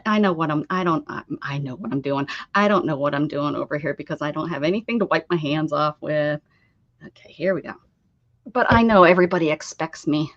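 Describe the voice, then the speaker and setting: A woman hosting a craft livestream, chatting casually with viewers, laughing often and greeting them by name. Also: deep voice. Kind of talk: casual chat while crafting. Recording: dull lo-fi stream audio.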